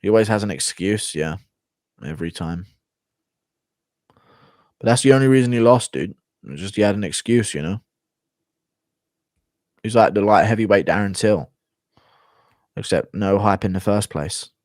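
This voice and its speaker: A man's voice: on the low side, normal speed, pauses often, darkish tone, no room sound, studio quality. A man streaming casual commentary in a blunt, sarcastic way.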